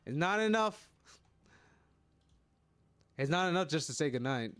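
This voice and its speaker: Lively, excitable male streamer. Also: fairly high pitch, unhurried, smooth. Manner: excitable, laughing, swearing banter with chat. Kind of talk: casual live-stream chat.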